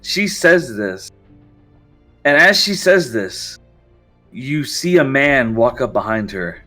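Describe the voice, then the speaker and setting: A man's voice: mid-range voice, animated, takes it slowly, sharp tone, soft background music. A man narrating as game master in a casual tabletop role-play session.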